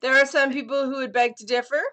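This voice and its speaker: A woman's voice: sits high, steady tone, quick pace, sharp tone. A woman running a tabletop game as dungeon master, chatting casually and laughing with her players.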